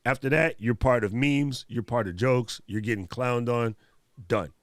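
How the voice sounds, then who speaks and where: A man's voice: medium pitch, measured pace, no echo. A middle-aged man hosting a casual talk and telling stories in loose, slangy speech. His voice sits in an ordinary middle range, recorded dry and close. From Hawaii. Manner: animated storytelling, slangy. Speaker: host. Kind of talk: casual conversation.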